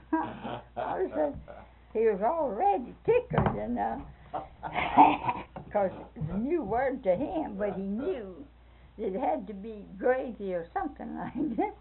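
A woman's voice: mid-range voice, a little slow, creaky, husky. An older woman tells a family story, acting out the voices as she goes, in a lo-fi phone-like recording. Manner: lively storyteller who acts out voices and laughs often. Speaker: interviewee telling a family story. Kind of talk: oral history storytelling.

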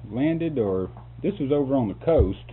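On a tinny lo-fi tape with hum, an older man who works as a photographer rambles through a story in an interview. His voice is medium-pitched at a moderate pace, and he's animated, folksy and quick to chuckle.

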